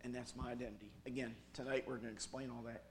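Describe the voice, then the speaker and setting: A man speaking at a youth retreat, preaching a jokey, animated sermon with big swings in loudness. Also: medium pitch, fast talker, slight background noise.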